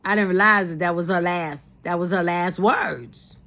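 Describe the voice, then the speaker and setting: A woman's voice: lowish voice, moderate pace, sharp tone. A woman telling a personal family memory in an earnest way, often repeating herself as she recalls it. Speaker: storyteller.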